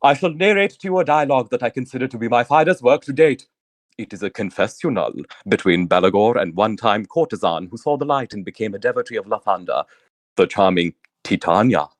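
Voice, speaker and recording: Man doing a pompous romance author, theatrical, ornate, lively swooping pitch, dry close sound. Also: a little fast, no echo, close to an everyday voice. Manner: grandiose, theatrical, ornate wording. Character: pompous flamboyant male romance novelist.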